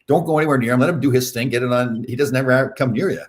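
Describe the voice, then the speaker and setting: A man's voice: medium pitch, very fast. A man hosting a casual chat, teasing his guest with dry jokes. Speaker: host.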